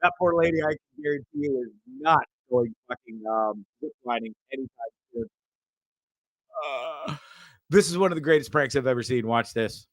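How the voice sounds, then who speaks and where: A man's voice: mid-range voice, normal speed, no echo, studio quality. A man hosting a show, casually commenting on videos with frequent swearing, stammered repeats and laughter. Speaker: show host.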